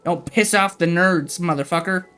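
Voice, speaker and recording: A man's voice: high-pitched, normal speed, sharp tone, smooth, soft background music. A man livestreaming, ranting casually and profanely to his chat.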